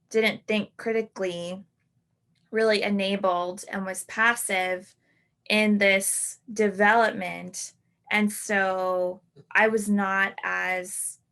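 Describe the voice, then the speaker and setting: A woman in her thirties hosting a podcast, reflecting on a personal story in a halting way, full of "like" and restarts. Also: medium pitch, fairly bright tone. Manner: halting, full of "like" and self-corrections. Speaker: podcast host.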